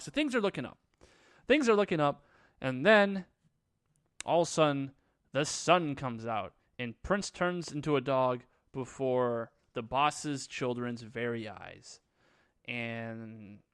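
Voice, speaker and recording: A young man rants sarcastically through a movie recap with a crude, rambling flow. His voice sits a little high and swings widely in pitch. The sound is dry and close to the mic. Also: animated, moderate pace, a bit bright, clear, resonant tone, no room sound. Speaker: movie reviewer. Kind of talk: casual vlog commentary.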